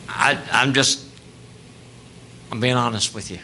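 A male preacher, delivering a sermon that moves between hushed, tender passages and loud, animated storytelling. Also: medium pitch, a little slow, slight background noise.

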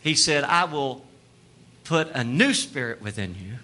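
Bright-voiced preacher. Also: male voice, medium pitch, unhurried. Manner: swings from hushed tenderness to loud, animated storytelling. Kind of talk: sermon.

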